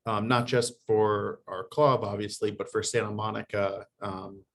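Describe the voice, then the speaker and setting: Man chairing a club meeting, halting. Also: on the low side, level tone. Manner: halting, many fillers and restarts.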